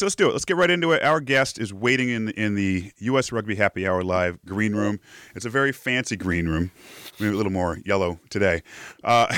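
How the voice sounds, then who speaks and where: Chatty low-voiced male show host. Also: fairly bright tone, no room sound, clean studio sound. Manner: chatty, laughs often, upbeat. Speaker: podcast host. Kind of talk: casual live show chat.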